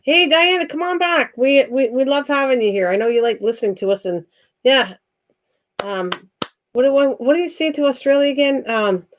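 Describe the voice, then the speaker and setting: A woman's voice: high voice, lively intonation, normal speed. A woman hosting a crafting live stream, chatting casually and teasing, laughing often.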